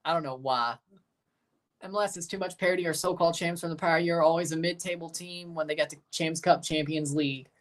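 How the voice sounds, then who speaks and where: A man's voice: fairly high pitch, fairly even intonation, brisk, a bit bright. A man hosting a live match watchalong, chatting casually and answering viewer comments as he reads them. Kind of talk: casual live reaction chat.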